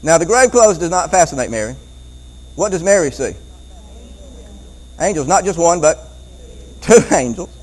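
A man preaching a Bible-teaching sermon, animated, often repeating words and chuckling as he goes. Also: a little high, moderate pace, pauses often, low-quality recording.

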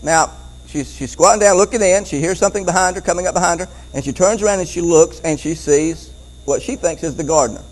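A man preaching a Bible-teaching sermon, animated, often repeating words and chuckling as he goes. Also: a little high, quick pace, rough recording.

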